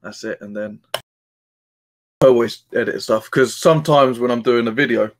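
A man's voice: mid-range voice, moderate pace, a little hiss or hum. A man hosting his own interview channel, chatty and self-deprecating, telling stories in a loose casual style. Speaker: channel host.

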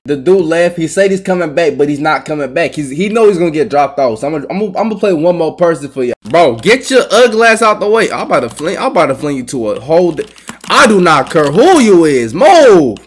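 A young man giving live commentary on a basketball video game, trash-talking and yelling at other players. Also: sits high, very animated, a little fast. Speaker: gaming YouTuber.

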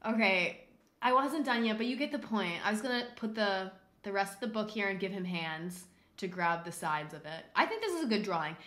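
A woman streaming a drawing game, chatting casually and excitably, rambling with lots of "like" and loud exclamations. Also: medium pitch. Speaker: livestreamer. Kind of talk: casual livestream chat while drawing. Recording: roomy echo.

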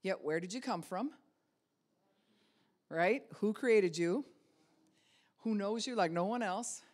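A woman's voice: mid-range voice, slow pace, a little mellow. A woman pastor giving a casual spiritual teaching talk, conversational, with many rhetorical questions and light laughs.

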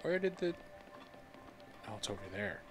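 A man's voice: on the high side, big pitch swings, moderate pace, over loud music. A young adult man giving casual let's-play commentary, playful and silly, talking to himself and to his chat. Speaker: game streamer.

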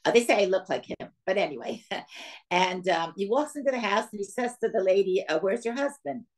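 A woman's voice: mid-range voice, a little fast. Older woman telling her life story. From Soviet Union. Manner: lively storyteller who acts out quoted dialogue. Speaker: guest speaker. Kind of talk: storytelling talk to a women's audience.

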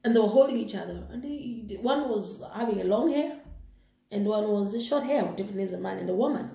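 A woman retelling a moral story and preaching, animated and excitable. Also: medium pitch, fast, vocal fry. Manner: animated, excitable, laughing asides. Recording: echoey room.

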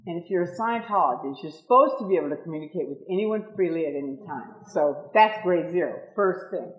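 An older woman giving an animated storytelling talk at an event, laughing often and acting out the people she quotes. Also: on the low side, a little fast, muffled recording. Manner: lively, laughs often, acts out quoted voices. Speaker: speaker at an event. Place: meeting room with audience.

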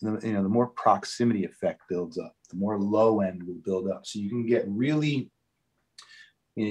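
A man's voice: fairly low pitch, normal speed, a little mellow, husky, poor audio. A man guiding a live virtual tour through a microphone factory, explaining technical details casually with frequent fillers and check-ins.

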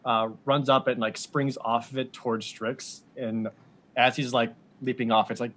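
A man playing a tabletop game, describing his character's moves in an excitable, rambling way full of fillers. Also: mid-range voice, normal speed, slight background noise. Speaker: player. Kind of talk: casual tabletop play.

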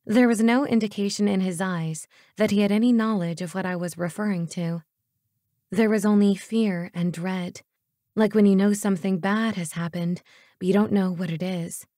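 A woman narrating an audiobook in the first person, with an expressive scripted reading on a close studio mic. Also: mid-range voice, normal speed, dry recording.

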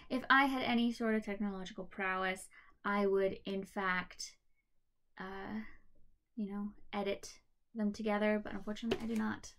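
A woman's voice: mid-range voice, steady tone, normal speed, a bit bright. Rambling, apologetic woman reading aloud. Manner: rambling, apologetic, self-deprecating. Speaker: channel host reading a novel aloud. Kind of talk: casual chat and book reading. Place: her bedroom at home. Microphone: computer camera mic.

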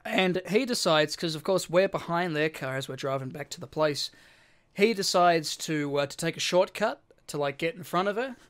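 A man's voice: on the high side, lively intonation, moderate pace, a bit bright. An Australian man co-hosting a podcast, casually telling a long story with lots of repeated words and casual swearing. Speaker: podcast co-host.

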